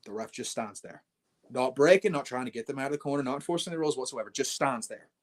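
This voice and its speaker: A man, a wrestler guest on an interview show, telling a blunt, animated story and acting out his own quoted lines. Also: mid-range voice, fast talker.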